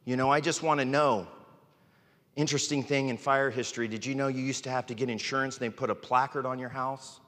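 A man's voice: mid-range voice, steady tone, fairly quick, fairly bright tone, big-room sound. A man preaching a sermon, earnest and emotional, close to tears. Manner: earnest, emotional, tearful at times. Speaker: pastor.

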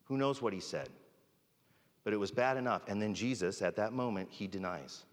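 A man's voice: fairly low pitch, moderate pace. A man preaching a sermon in a conversational way, often checking in with "right?". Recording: long reverb of a large hall.

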